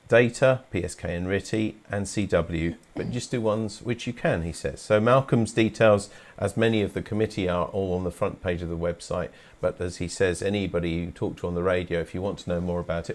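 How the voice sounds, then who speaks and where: A man from England hosting a live club webcast, talking informally with fillers and restarts. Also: sits low. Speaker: host.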